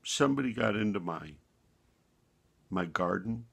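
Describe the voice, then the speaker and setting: A man voicing a kindly but stern male shepherd in a storybook, earnest and gently scolding. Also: lowish voice, lively intonation, measured pace, creaky, slightly rough, heavily acted.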